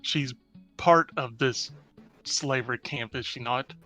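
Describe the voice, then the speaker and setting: A man playing a tabletop game, describing his character's actions in a halting, deliberate way. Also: mid-range voice, bright, forceful tone, soft background music. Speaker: player.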